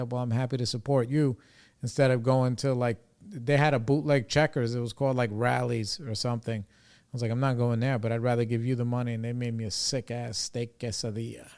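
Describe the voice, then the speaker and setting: A man's voice: medium pitch, steady tone, fairly quick, a little mellow. A man from New York with a New York accent, hosting a recovery podcast in a casual, rambling monologue, loose and profane, full of "you know" and "like.".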